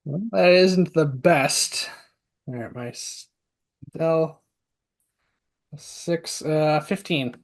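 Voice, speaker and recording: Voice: mid-range voice, drawn-out words, vocal fry, pauses often. A player in a tabletop game who talks through plans in a chatty way and laughs at their own ideas. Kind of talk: casual tabletop game play.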